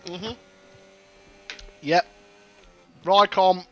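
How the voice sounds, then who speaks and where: A man giving casual, excitable sim racing commentary with lots of banter and swearing. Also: a little high, a little fast. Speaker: race commentator.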